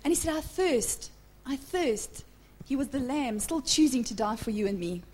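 A woman pastor preaching a sermon to her church. She rises to loud, slow, emphatic declarations, drops to a hushed whisper for emphasis, and calls out to the congregation. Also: sits high, lively intonation, breathy edge.

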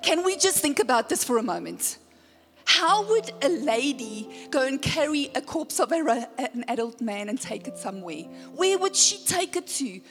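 A woman's voice: high voice, very animated, normal speed, fairly bright tone. A woman pastor preaching a sermon, retelling the story dramatically and calling out to the congregation. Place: church sanctuary. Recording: long church hall reverb with faint music.

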